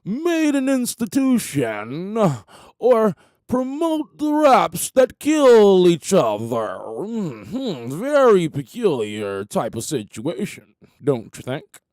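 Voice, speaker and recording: A man putting on the voice of a condescending rich white man who speaks in a slow, haughty drawl. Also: high voice, wildly swooping pitch, a little mellow, dry recording, heavily acted. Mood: smug. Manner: slow, drawn-out, haughty delivery.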